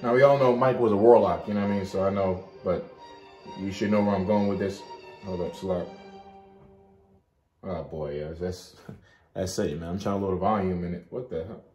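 A man giving an informal Bible study, chatting loosely and reading scripture aloud slowly. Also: low-pitched, darkish tone, roomy sound, soft background music. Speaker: Bible teacher.

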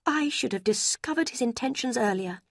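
A woman's voice: fairly high pitch, animated, moderate pace, no echo, clean studio sound, voice pushed up. A woman voicing a caring, protective middle-aged mother with an emphatic, motherly tone.

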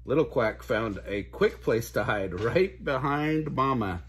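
An older man reads a children's picture book aloud at an unhurried, slow pace. His voice is husky and soft-edged, and he chuckles lightly as he goes along. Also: mid-range voice, expressive. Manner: slow, gentle reading with little chuckles. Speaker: read-aloud host.

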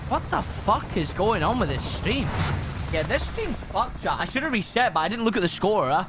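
A man live-streams a video game and chats casually with his viewers, rambling and swearing a lot. His voice sits high and is very animated at a normal speed, over a noisy background.

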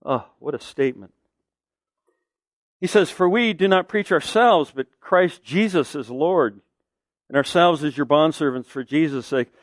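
A man's voice: fairly high pitch, measured pace, no echo, clean studio sound. A man preaching a sermon as pastor, emphatic, asking the listeners questions and answering them.

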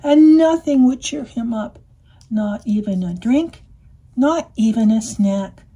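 A woman reading a children's picture book aloud, switching into animated character voices. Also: on the high side, slow, husky. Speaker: storybook reader. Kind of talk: read-aloud storytelling.

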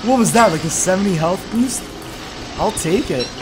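High-voiced young man narrating his gameplay. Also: lively intonation, moderate pace, noisy background. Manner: talks to himself, bursts into loud exasperated yelps. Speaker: let's play gamer. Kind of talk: casual gameplay commentary.

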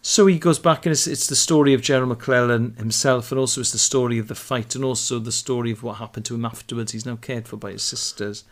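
A man with a Welsh Carmarthen accent chats on a comedy podcast, talking over a video call link. He sounds enthusiastic and playful and laughs easily, with a voice of middling pitch. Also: steady tone, quick pace, few pauses. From Wales. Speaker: co-host. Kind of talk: comic podcast banter.

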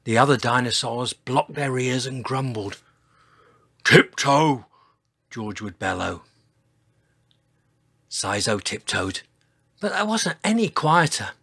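A man reading a children's picture book aloud at an unhurried pace. His husky, breathy voice rises and falls expressively, leaning into dramatic sound words. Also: mid-range voice, expressive, fairly bright tone. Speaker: storyteller.

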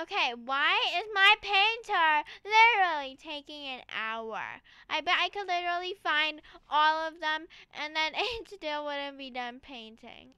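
Woman game host, gushing and dramatic, slow drawn-out delivery, very high voice. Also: dry recording. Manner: excitable, gushing, playfully dramatic. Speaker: gaming channel host. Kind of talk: gameplay walkthrough commentary.

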